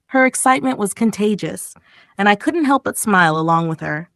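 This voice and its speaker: A woman's voice: animated, fairly quick, a bit bright, dry recording. Female narrator for a language lesson, reads emotional vignettes with acted dialogue, dry studio sound. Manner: reads paragraph titles, then acts out quoted lines with raised pitch. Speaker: English lesson reader. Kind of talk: expressive story reading.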